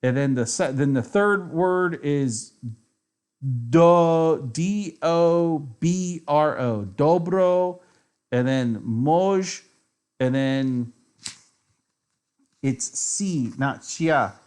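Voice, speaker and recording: A man's voice: on the high side, expressive, very slow, long pauses, darkish tone, clear, resonant tone. A man streaming his chess games, tipsy from drinks, rambling and trash-talking with plenty of swearing and self-mockery. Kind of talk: casual live-stream commentary.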